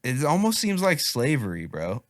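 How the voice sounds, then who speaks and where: A man's voice: medium pitch, huge pitch swings, normal speed. A young man hosting a casual podcast in easygoing, laughing banter. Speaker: podcast host.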